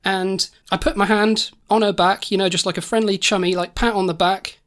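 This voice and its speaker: A woman's voice: mid-range voice, fairly even intonation, moderate pace, a bit bright. A woman co-hosting a comedy podcast, telling an improvised story in a rambling, laughing way. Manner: rambling, laughing, many restarts. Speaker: podcast co-host.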